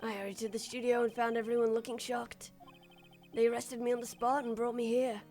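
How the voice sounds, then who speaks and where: A woman putting on a soft-spoken, meek action-hero actor, somewhat high, game music faintly behind. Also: level tone, brisk, natural voice. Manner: meek, apologetic. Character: big timid male action-show actor.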